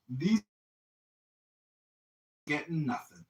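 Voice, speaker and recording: A man's voice: fairly high pitch, big pitch swings, normal speed, pauses often. A man in a casual chat, telling a story with lots of swearing and quoted voices. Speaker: candidate podcast host. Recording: echoey room, distant mic, faint noise.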